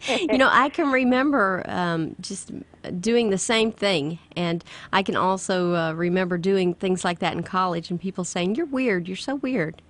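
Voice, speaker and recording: A woman's voice: lowish voice, moderate pace, hardly any pauses, a bit bright. Enthusiastic Southern woman radio host. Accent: Southern US, Kentucky-Tennessee border. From Kentucky. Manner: enthusiastic, laughs often. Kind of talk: casual radio interview.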